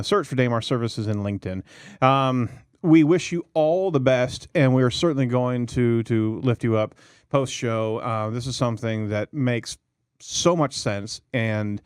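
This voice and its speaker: A Midwestern American man hosts a casual studio talk show. He is enthusiastic and friendly and stumbles over repeated words. His voice sits at a middle pitch and is recorded close and dry, with no room sound. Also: clear, resonant tone, no room sound. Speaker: podcast host.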